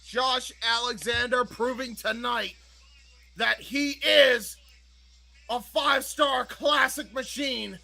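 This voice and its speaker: A man shouts his reactions during a live wrestling watch-along, his voice high with a gravelly fry. The tone is bright and edgy, and he keeps it loud and exclamatory. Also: rough recording. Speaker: color commentator.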